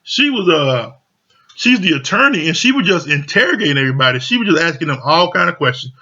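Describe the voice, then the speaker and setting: Bright-voiced man with casual slangy chatter. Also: a little high, very animated, quick pace. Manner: loose, chatty, full of slang and fillers. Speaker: reality show reviewer. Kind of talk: casual recap commentary. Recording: dull lo-fi audio.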